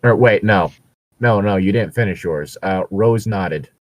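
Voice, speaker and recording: A man's voice: fairly low pitch, a little slow, no room sound. A man co-hosting a comedic fanfiction reading, chatty and explaining things at length. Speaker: podcast co-host reading aloud.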